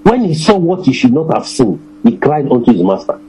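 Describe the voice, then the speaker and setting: A man preaching a sermon to his congregation, emphatic, repeating phrases and slowing down to stress scripture. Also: a little high, very animated, creaky, mellow, breathy edge, faint music behind, rough recording.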